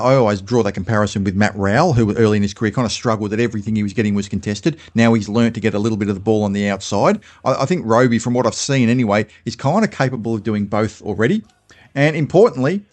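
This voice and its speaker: A man's voice: on the low side, darkish tone. Chatty Australian man mulling things over. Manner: thinking aloud with fillers and restarts. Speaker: fan channel host. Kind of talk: casual spoken commentary.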